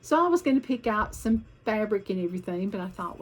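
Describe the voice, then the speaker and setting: A woman's voice: medium pitch, lively intonation, quick pace, rough recording. A woman vlogging about her cross-stitch projects in a chatty, rambling way, hopping from one topic to the next.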